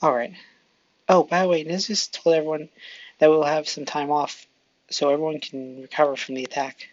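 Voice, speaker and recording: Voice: mid-range voice, flat delivery, moderate pace, dull audio, lightly acted. A fan storyteller voicing a caring teenage girl who scolds through tears, in a fan audio story. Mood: gentle. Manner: tearful, scolding.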